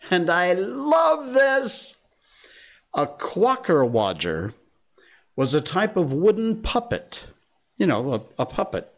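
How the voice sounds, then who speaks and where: A middle-aged man hosting his own show, talking casually and joking with viewers in a rambling monologue. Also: mid-range voice. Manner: chatty, joking, rambling asides. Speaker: show host.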